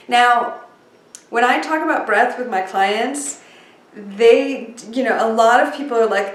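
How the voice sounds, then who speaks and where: A middle-aged woman talking casually about breathing and slowing down, with lots of fillers and asides. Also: mid-range voice. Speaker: speaker sharing breathing tips. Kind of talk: casual storytelling talk. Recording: echoey room, mic at a distance.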